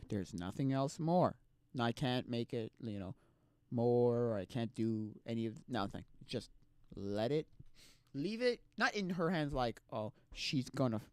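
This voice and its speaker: Young guy venting on stream, rambly, smooth voice, dry close sound. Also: mid-range voice, dry recording. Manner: rambling, restarts, swings loud and quiet. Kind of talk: casual chat.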